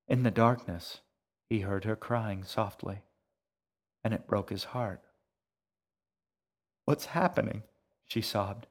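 A man reads a tense story aloud, his voice sitting on the low side. He takes his time with each phrase, hushed and measured, letting the sentences unfold slowly. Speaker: audiobook narrator. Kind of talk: scripted narration.

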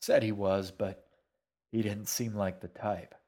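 A shaggy, gruff man with a wry, matter-of-fact way of talking, as a male narrator plays him. His voice is low and slow, barely apart from the reader's own. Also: fairly even intonation, dark tone.

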